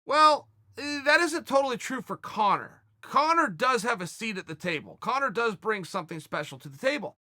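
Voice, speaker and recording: A man hosting a fan question show, telling stories and giving his views in a casual, animated way. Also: very high-pitched, moderate pace, dry recording, studio quality. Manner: animated, conversational, retells scenes with quoted dialogue. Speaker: host answering fan questions. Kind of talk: casual storytelling and commentary.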